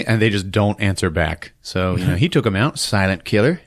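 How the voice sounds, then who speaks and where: A man in a casual podcast recap with a low voice, swearing freely and laughing often. He keeps acting out little scenes. The sound is dry and close. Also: a little fast, no echo. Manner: profane, laughing, acts out scenes. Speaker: podcast host.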